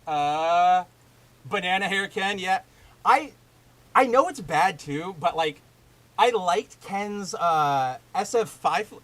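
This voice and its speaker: A man's voice: on the high side, poor audio. A man hosting a podcast, talking in a casual, rambling way and ranting with plenty of swearing. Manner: animated, profane ranting; loose, rambling with fillers and restarts. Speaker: podcast host. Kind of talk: casual chat with live chat.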